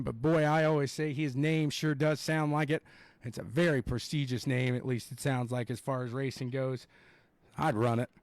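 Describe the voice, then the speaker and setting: This is a young man calling a race live, his voice sitting a little high for a man. He talks in an excitable, rambling way, full of fillers and asides. The sound is dry and close, with no room echo. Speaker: race commentator. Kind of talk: live play-by-play commentary.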